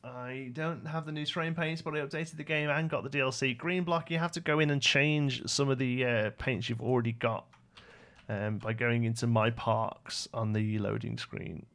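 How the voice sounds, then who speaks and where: A young British man talks casually through a game livestream, rambling and muttering as he works and answering viewers' questions. His mid-pitched voice has a gravelly, creaky edge. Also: steady tone, normal speed, fairly bright tone. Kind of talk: casual live-stream chat while building.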